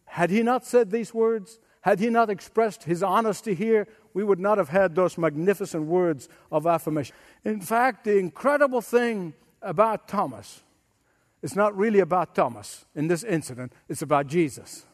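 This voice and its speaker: Man preaching, high voice, emphatic, long hall reverb. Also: moderate pace. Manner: emphatic preaching, acts out quotes. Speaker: pastor. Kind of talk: sermon.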